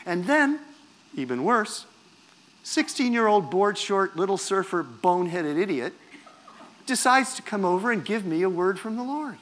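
Animated man telling a testimony. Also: high-pitched, normal speed. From Canada. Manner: animated, wry, self-mocking storyteller who acts out quotes. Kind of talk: personal testimony in a sermon.

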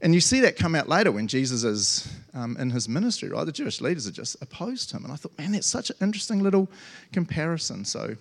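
Playful New pastor, chatty sermon. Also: male voice, fairly high pitch, very animated, quick pace, creaky. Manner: playful and chatty, acts out quotes with sudden loud jumps. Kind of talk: casual sermon.

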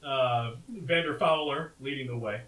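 A man's voice: medium pitch, unhurried, a bit bright, reverberant, distant mic, low-quality recording. A man running a tabletop western game as game master, narrating loosely with many fillers.

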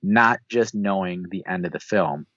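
Lowish relaxed man on a podcast. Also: moderate pace, no room sound, highs cut off. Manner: loose and conversational, frequent "like" fillers. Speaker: podcast co-host. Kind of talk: casual film chat.

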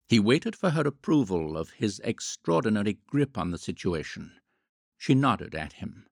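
A man narrating an audiobook in a measured, expressive storytelling way. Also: on the low side, vocal fry, breathy edge, no echo, clean studio sound. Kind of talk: scripted narration.

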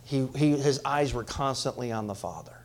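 A man preaching a sermon to his congregation, swinging between loud emphatic rises and quiet drops, often asking the church questions. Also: medium pitch, moderate pace. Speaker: pastor.

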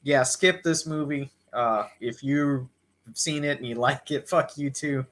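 A man's voice: mid-range voice, measured pace, fairly bright tone. A man co-hosts a casual podcast in a mid-range voice. He is easygoing, gives short replies and laughs along. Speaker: podcast co-host.

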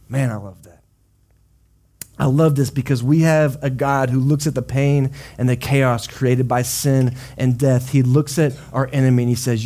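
A man's voice: medium pitch, fairly even intonation, moderate pace, mellow. A man preaching a sermon as pastor, building passionate repetitive runs and dropping in casual exclamations. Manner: impassioned, repetitive preaching cadence.

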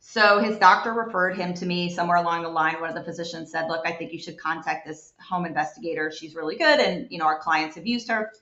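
Chatty lady telling stories, bright sharp voice, kinda echoey dull recording. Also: on the low side, fast, few pauses. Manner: animated, chatty, many fillers and likes. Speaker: home environmental investigator. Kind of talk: guest storytelling in a chat. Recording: roomy, dull lo-fi sound.

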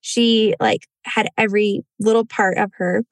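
A woman's voice: mid-range voice, steady tone, unhurried, no room sound. Chatty woman telling a personal story. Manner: chatty, many "like" fillers, acts out quoted speech. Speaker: podcast guest. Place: outdoors in a cemetery.

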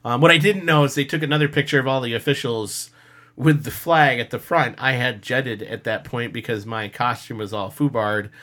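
A man on a casual podcast chat, telling animated stories full of fillers and laughs. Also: medium pitch, normal speed. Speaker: podcast co-host, costumer.

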